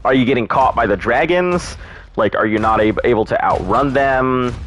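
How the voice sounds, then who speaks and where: A man's voice: mid-range voice, moderate pace, a bit bright, a little hiss or hum. Joking, chatty male game streamer. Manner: chatty and joking, answers chat, swears freely. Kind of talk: casual live-stream chat while gaming.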